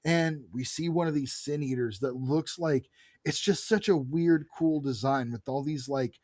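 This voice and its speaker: A man co-hosting a podcast, recapping a comic book in a casual, animated way, reading characters' lines aloud and swearing freely. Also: medium pitch, no room sound, studio quality. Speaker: podcast co-host.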